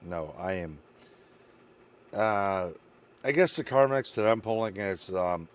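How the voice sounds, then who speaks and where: Deep-voiced man, emotional streamer sign-off. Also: lively intonation, slow pace, smooth. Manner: rambling, heartfelt and emotional, many fillers. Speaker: game streamer. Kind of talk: casual stream sign-off chat.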